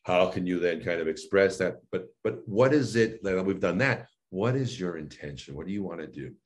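Speaking briskly in a low voice, a man who coaches voice and speech describes his sessions in an interview. He animatedly performs both parts of a coaching exchange, his own and his client's.

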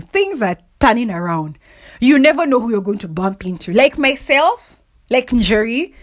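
A young adult woman hosting a solo podcast, giving emphatic, motivational talk and often laughing. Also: a little high. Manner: animated and emphatic, often asks "do you understand?", laughs often. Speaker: podcast host.

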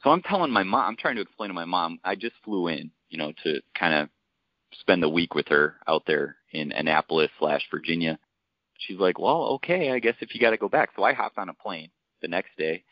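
A man who coaches basketball, casually telling a story on a podcast and acting out the quotes in a lively way. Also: sits low, brisk, no room sound, lo-fi sound. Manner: conversational, animated storyteller, acts out quotes.

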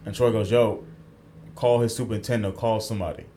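Man, podcast co-host, quick delivery, animated storyteller, swears a lot, studio mic. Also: on the low side, slight background noise. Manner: animated storyteller, acts out quotes, swears freely. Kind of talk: casual storytelling chat.

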